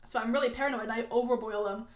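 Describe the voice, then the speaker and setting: Young woman, sarcastic reaction host, slightly high voice, echoey room. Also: steady tone, racing. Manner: chatty, exasperated, sarcastic. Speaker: content creator reacting to comments. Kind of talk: casual reaction commentary.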